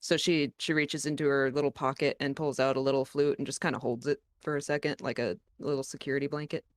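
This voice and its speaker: A woman's voice: rumbling low, little pitch movement, fast. A woman player in a tabletop game, casually describing her character with many hesitations. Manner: casual, hesitant, with frequent restarts.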